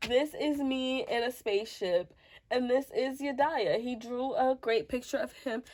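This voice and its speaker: Congested young mom vlogger, frank and sassy. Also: female voice, on the high side, measured pace, darkish tone. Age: 20s. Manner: frank, sassy, talks straight to viewers. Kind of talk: casual sit-down advice vlog.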